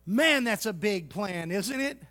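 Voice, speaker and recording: A man preaching a sermon, folksy and teasing, swinging from loud exhortation to hushed asides. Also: high voice, expressive, measured pace. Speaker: pastor.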